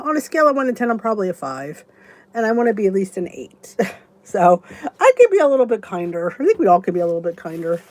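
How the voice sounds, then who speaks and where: Chatty woman in her fifties, slightly high voice. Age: 50s. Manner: rambling and chatty, many restarts. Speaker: YouTube channel host. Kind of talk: casual live-stream chat, reading viewer comments.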